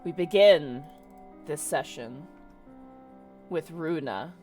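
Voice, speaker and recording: A woman's voice: sits low, animated, slow pace, a little mellow, soft background music. A woman running a tabletop game as game master, narrating in a chatty way full of "kinda" and "like".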